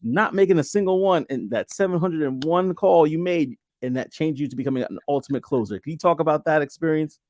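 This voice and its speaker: A man's voice: a little high, a little fast, few pauses, darkish tone. A man hosting an interview, putting questions to his guest and answering with short, encouraging responses. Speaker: host.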